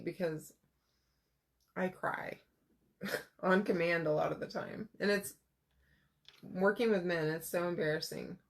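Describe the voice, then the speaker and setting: A woman's voice: fairly low pitch, fairly bright tone. A woman in her thirties chatting casually while crafting, telling rambling personal stories with lots of fillers. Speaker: crafter vlogger.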